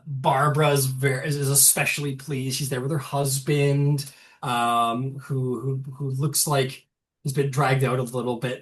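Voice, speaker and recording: A man narrating as game master of a tabletop game, rambling and full of fillers. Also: a little high. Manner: rambling, filler-heavy, self-interrupting.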